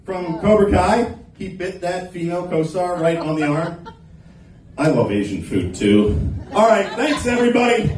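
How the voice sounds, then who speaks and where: A man's voice: high voice, lively intonation, normal speed, a little mellow. Man, open mic stand-up, crude, teases the audience, echoey room, faint room hum. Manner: crude, teasing the crowd. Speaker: stand-up comedian. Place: small comedy club stage. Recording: echoey club, recorded from a distance.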